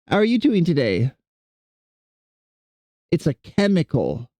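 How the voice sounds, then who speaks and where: A man's voice: on the high side, huge pitch swings, takes it slowly, mellow, no room sound. A man streaming and chatting casually with his viewers, rambling and self-deprecating as he greets people in chat.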